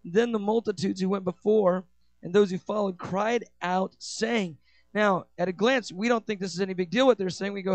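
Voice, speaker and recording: A pastor preaching a sermon, rushing through quick asides, then slowing and rising into loud, shouted declarations. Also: male voice, high-pitched, no echo.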